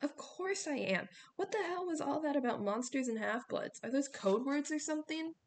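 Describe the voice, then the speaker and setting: A woman's voice: high voice, expressive, moderate pace, voice pushed up. A woman voicing a confused, earnest teenage boy who has lost his memory and asks urgent questions. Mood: bewildered.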